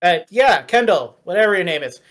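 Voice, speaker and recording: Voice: mid-range voice, expressive, a little fast, fairly bright tone, lightly acted. A GM doing a grumbling, weary burger joint manager. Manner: weary, grumbling, muttering to himself.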